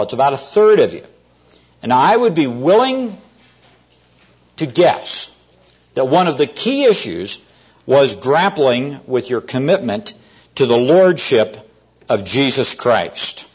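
A man preaching an evening sermon to a congregation, earnest and storytelling, often slowing down to stress key words. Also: medium pitch, a little mellow, slightly rough. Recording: dull lo-fi sermon recording.

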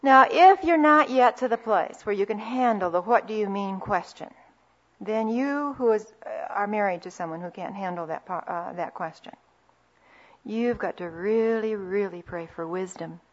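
A woman giving a conversational Christian talk on marriage, telling anecdotes and dropping into soft asides. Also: mid-range voice, normal speed. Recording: dull lo-fi recording.

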